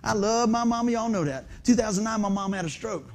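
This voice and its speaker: Animated high-voiced preacher man in his fifties. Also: fairly quick. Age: 50s. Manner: animated, quizzes the congregation, self-deprecating humor. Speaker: pastor. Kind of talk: conversational sermon. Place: church sanctuary under stage lights.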